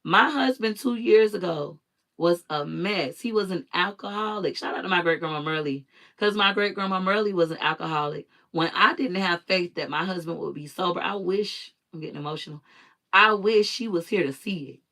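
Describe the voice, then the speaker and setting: Woman on a live stream, lowish voice, keeps repeating herself for emphasis, swears bluntly. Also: normal speed, a bit bright. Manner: emphatic, repetitive storytelling with blunt profanity. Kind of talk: personal live-stream monologue.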